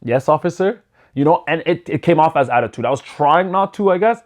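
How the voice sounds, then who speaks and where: A man with a somewhat high-pitched voice tells a story straight to camera. He is animated and loose, swearing freely and leaning on "like" and "you know" as he goes. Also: quick pace. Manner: animated, swears freely, chatty with lots of fillers. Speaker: storyteller vlogger. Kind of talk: casual story time.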